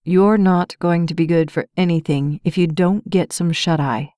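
A steady, soft-spoken male firefighter, as a woman narrator voices him in a romance audiobook. His voice sits low and hushed, calm and quietly coaxing. It sounds close and dry. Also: moderate pace, no echo, close to an everyday voice. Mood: gentle. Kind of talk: audiobook character voice.

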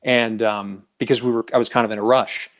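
A man's voice: lowish voice, fairly even intonation, fairly quick. A man as a guest in a casual dating chat, thinking aloud with hesitant restarts and sharing personal stories. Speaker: guest on a dating advice show.

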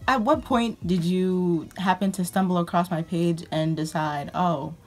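A woman's voice: on the low side, measured pace, faint music behind. A woman vlogger ranting about her pet peeves in a sarcastic, exasperated way. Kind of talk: ranting casual monologue.

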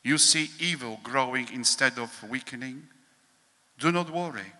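A priest reading a devotional meditation in a slow, measured, solemn way, with pauses, in a large hall. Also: male voice, medium pitch, pushed and bright.

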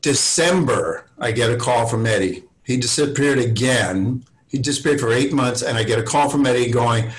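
A man's voice: mid-range voice, normal speed, hardly any pauses, rough recording. A man in his sixties, an actor guest, telling showbiz stories with plenty of swearing on a video call. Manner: swears freely, acts out other people's lines in raised voices. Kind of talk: casual storytelling interview.

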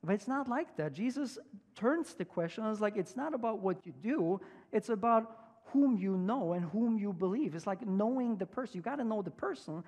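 A male pastor preaching a sermon in a relaxed, conversational way, full of fillers and restarts. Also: high voice, moderate pace. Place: church sanctuary. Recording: long church reverb.

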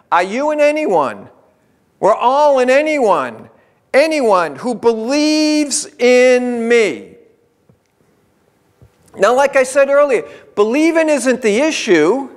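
High-voiced preaching man, conversational. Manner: conversational preaching with emphatic repetition. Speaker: pastor. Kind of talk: sermon. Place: church sanctuary.

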